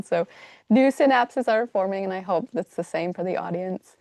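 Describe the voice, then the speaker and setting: A woman's voice: medium pitch, brisk, darkish tone, dry recording, studio quality. A woman hosting a conversational podcast interview, effusive and affirming toward her guest. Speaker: podcast host.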